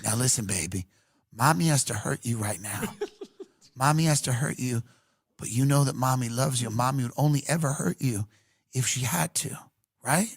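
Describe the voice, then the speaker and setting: A man voicing a soft-spoken, menacing mother who calmly coaxes her child before hurting her, in a low hushed voice. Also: moderate pace, breathy edge, no room sound, studio quality. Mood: creepy soothing. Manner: low, hushed, creepy coaxing.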